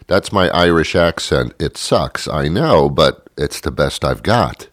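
A man's voice: rumbling low, expressive, measured pace, dry recording, soft background music. A man hosting his own comedy show, rambling through a dry, self-mocking monologue with chuckling asides. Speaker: radio-style comedy show host.

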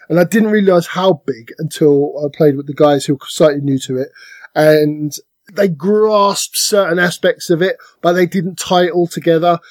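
A man's voice: on the high side, a little mellow, no echo. A British man co-hosting a podcast, chatting casually about board games and telling stories with playful put-on voices. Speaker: podcast co-host.

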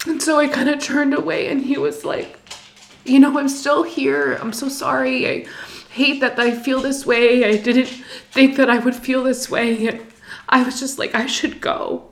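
A young woman telling an emotional personal story, halting and distressed, full of fillers and restarts. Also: sits high, a little hiss or hum. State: distressed, near tears.

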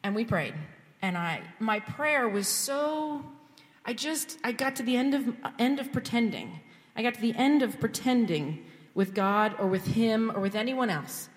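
In a church sanctuary, a woman gives a candid personal testimony as part of a sermon, building toward fervent prayer. Her voice is on the high side and animated, at a measured pace. The church hall adds long reverb.

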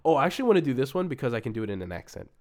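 A young man chats casually, telling his stories in rambling, halting bits and laughing at himself along the way. His voice sits at a middling pitch and runs fairly quiet. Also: very animated. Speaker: co-host reading reviews. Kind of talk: casual chat.

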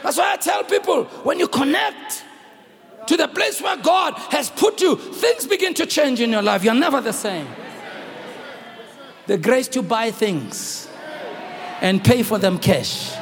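Pastor preaching loudly in a hall. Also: male voice, extremely high pitch, animated, a little slow, a faint crowd. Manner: preaching loudly, switching between English and local languages, calling the congregation. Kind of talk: sermon with storytelling. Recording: reverberant hall recording, faint room noise.

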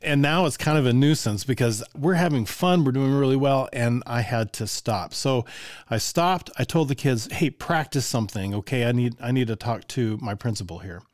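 An older man, a music teacher, telling stories from his classroom in a relaxed, conversational way with frequent chuckles and asides to the listener. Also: mid-range voice, moderate pace, no room sound, clean studio sound. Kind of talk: casual storytelling.

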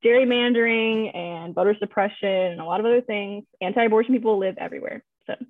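A woman's voice: mid-range voice, fast, dry recording. A woman with a Louisiana accent, a guest speaking earnestly and measuredly in a casual podcast chat. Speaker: guest, abortion rights advocate. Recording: tinny phone-like line.

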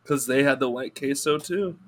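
Podcast guest: a man with a bright, forceful voice, excitable and laughing. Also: medium pitch, moderate pace. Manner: excitable, laughing, stumbling restarts. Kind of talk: casual chat.

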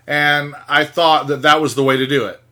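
A man's voice: a little high, steady tone, normal speed, bright, forceful tone. A man co-hosting a casual podcast, wry and wordy, addressing the listeners directly. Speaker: podcast co-host.

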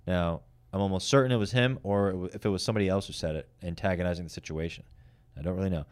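Male comic, low voice, rapid-fire profane storytelling. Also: a little mellow. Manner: fast, profane, heated retelling. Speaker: stand-up comedian. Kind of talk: casual storytelling.

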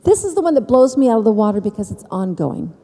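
Mellow-voiced woman giving a testimony in a hall. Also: fairly high pitch, sing-song. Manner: storytelling with dramatic pauses and emphasis. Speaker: speaker giving faith testimony. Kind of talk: personal testimony speech.

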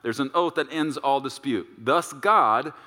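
A man's voice: mid-range voice, measured pace, sharp tone, big-room sound. A man preaching a sermon, emphatic and playful, who drags out key words for weight. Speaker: pastor.

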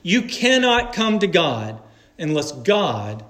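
A man with a fairly high voice delivers a sermon at a slow, deliberate pace. He speaks earnestly and in measured phrases. He leans on emphatic pauses to drive each point home. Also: big pitch swings, a bit bright. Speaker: preacher.

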